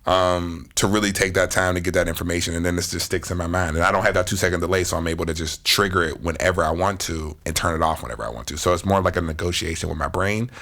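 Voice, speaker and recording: Man, podcast guest rapper, casual slangy chat, animated, bright forceful tone, fairly low voice. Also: quick pace, hardly any pauses. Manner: animated, laughs often, slangy, breaks into rap.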